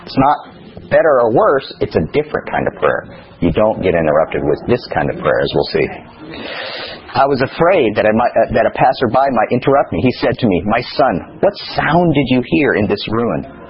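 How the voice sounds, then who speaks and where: A man's voice: lowish voice, expressive, fairly quick, lo-fi sound. A man leading a study class, reading a text aloud and then putting rhetorical questions to his listeners. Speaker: teacher.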